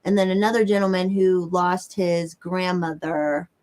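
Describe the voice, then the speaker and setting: A woman's voice: fairly low pitch, level tone, a little slow, a little mellow. Chatty Southern American woman streaming. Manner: rambling, chatty, swears casually. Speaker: livestream host. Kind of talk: casual chat answering viewers.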